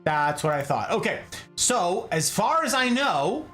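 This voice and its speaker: Male streamer, playful and goofy, very animated delivery, faint music under. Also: high-pitched, a little slow. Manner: playful and goofy, breaks into silly voices and catchphrases; slangy, lots of "like" fillers. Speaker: streamer hosting a plant stream. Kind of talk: casual livestream chat.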